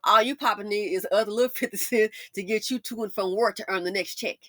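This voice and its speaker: A woman's voice: mid-range voice, fast, a bit bright, no echo, clean studio sound. A woman giving sassy, emphatic, opinionated celebrity commentary. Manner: sassy, emphatic, mocking asides. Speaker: commentary channel host.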